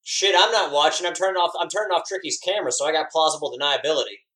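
A man co-hosting a casual podcast, excitable and swearing freely. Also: a little high, very fast, echoey room, rough recording. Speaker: podcast co-host. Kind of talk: casual chat.

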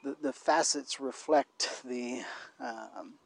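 A man co-hosting a casual conversational podcast, talking in a thoughtful, halting way and often restarting his phrases. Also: medium pitch, creaky, no echo. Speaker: podcast co-host.

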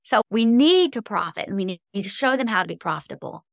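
A woman's voice: medium pitch, very animated, fairly quick, gravelly, no echo, studio quality. A middle-aged woman, a guest author, telling heartfelt faith-based stories in an interview with an earnest, emotional manner.

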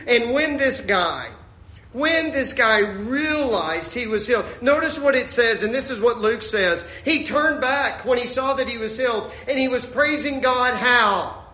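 A man, preaching a humorous sermon with stories and acting out the voices of the people in them. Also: high voice. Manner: animated, acts out voices of people in his stories. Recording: echoey room with faint ambience.

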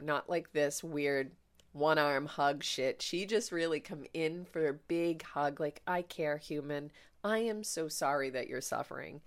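A woman with a low voice tells a personal story on her podcast. She talks candidly and emotionally, in a chatty flow with plenty of fillers. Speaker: podcast host.

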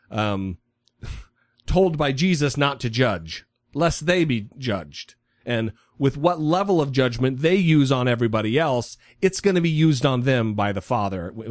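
A man's voice: mid-range voice, no echo. A man co-hosting a podcast, ranting in heated, profane casual chat. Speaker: podcast co-host.

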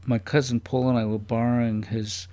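A man's voice: mid-range voice, level tone, moderate pace, warm tone. Rambling, curious man chatting. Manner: rambling and curious, fires off playful questions. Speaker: guest comedian. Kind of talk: casual podcast chat.

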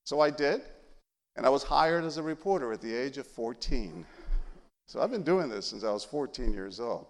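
A middle-aged man from San Antonio tells his life story in an animated, humorous way. His pitch rises and falls a lot. A long reverb hangs after each phrase, as in a large hall. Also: moderate pace. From San Antonio, Texas. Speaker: journalist giving a talk. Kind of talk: storytelling speech.

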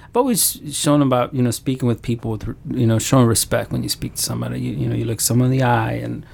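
A man's voice: mid-range voice, fast talker, vocal fry. A man in casual conversation, a father telling a story and acting out the dialogue. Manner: animated storytelling, acts out dialogue. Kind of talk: casual chat.

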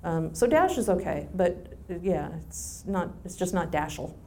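A woman answering audience questions in a chatty, relaxed way, with frequent ums and restarts. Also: lowish voice, moderate pace, a little hiss or hum. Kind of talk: casual Q&A answers.

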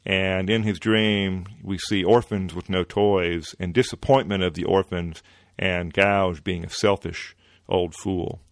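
A man hosting a podcast, retelling an old comic-book story in a relaxed way with many fillers. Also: deep voice, unhurried, no room sound, clean studio sound. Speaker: podcast host.

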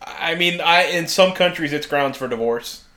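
A man's voice: on the high side, normal speed, bright, forceful tone. A man co-hosting a podcast in casual chat, swearing freely and laughing often. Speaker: podcast co-host.

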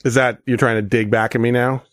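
A man's voice: medium pitch, flat delivery, a little fast, dry recording, clean studio sound. A man hosting a podcast in casual chat, playful and teasing, swearing freely. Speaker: podcast host.

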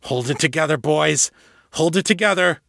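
A man voicing a male spellcaster captain who shouts orders to his crew. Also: a little high, normal speed, vocal fry, no echo, pitched above the performer's own voice. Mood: commanding. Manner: shouting commands.

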